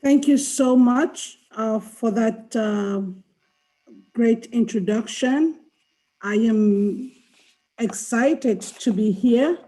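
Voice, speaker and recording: A middle-aged woman from Cameroon, speaking on a video call and reading her poetry in a slow, deliberate way. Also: fairly high pitch, warm tone. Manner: slow, deliberate recital with chanted dirge passages. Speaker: invited poet.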